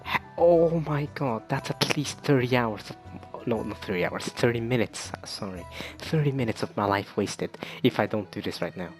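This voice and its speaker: Brief: young male gamer, casual let's-play commentary, mid-range voice, excitable and tripping over his words. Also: mid-range voice, moderate pace, few pauses, soft background music. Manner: excitable, stammering and repeating himself. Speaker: gaming video creator.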